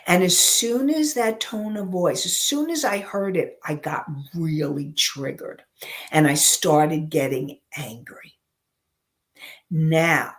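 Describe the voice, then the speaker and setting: Slow, deliberate woman coach. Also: fairly low pitch, a bit bright. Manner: slow, deliberate, with pauses and personal examples. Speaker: emotional intelligence coach. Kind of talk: teaching talk.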